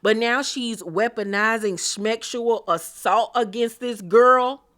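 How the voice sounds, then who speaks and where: A woman's voice: fairly high pitch, slow pace, a bit bright. Woman, reality TV recap host, casual commentary, emphatic, dramatic, opinionated.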